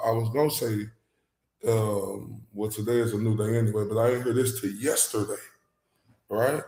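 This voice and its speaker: Male YouTuber from Dallas, emphatic reaction commentary with a rough gravelly edge, recorded in an echoey room. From Dallas, Texas. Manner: emphatic, swings between loud outbursts and low muttering.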